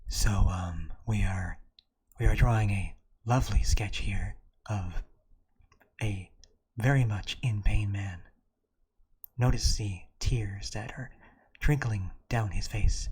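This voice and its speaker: A man doing a whispered role-play as a mock ASMR narrator, breathy, slow and overly tender. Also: on the low side, darkish tone, pitched below the performer's own voice, full character voice. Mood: mock soothing. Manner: slow, drawn-out, mock-soothing.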